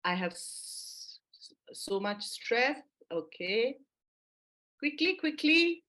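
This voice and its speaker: A woman's voice: a little high, big pitch swings, takes it slowly, pushed and bright. Upbeat woman coaching teachers. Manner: upbeat, encouraging, full of praise. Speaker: mindfulness coach leading a workshop for teachers. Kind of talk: online workshop presentation.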